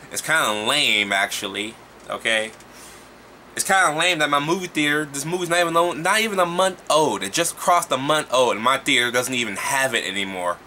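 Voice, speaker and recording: A man giving a casual, profane movie review, talking in an animated, exasperated way. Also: mid-range voice, slight background noise.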